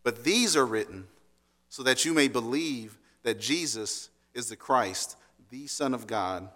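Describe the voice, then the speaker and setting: Conversational preacher in a reverberant hall. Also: male voice, medium pitch, unhurried, pushed and bright. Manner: conversational preaching with frequent "right?" asides and restarts. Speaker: pastor. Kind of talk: sermon.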